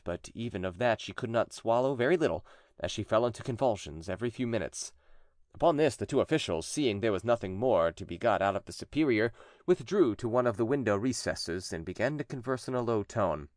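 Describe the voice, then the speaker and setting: A man narrating a classic text as an audiobook, telling the story in a lively, expressive way. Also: on the low side, no echo, studio quality.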